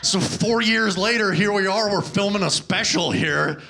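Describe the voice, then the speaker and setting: A male stand-up comic rants with exasperated, profane energy on a comedy club stage. His voice sits high and sounds bright and ringing. The sound comes through a handheld stage microphone. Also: moderate pace, creaky.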